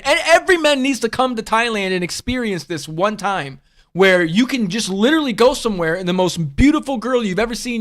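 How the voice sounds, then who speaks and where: Blunt, profane man with a high voice. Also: a bit bright. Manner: blunt and profane, rambling with restarts. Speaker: livestream host. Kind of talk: casual livestream chat.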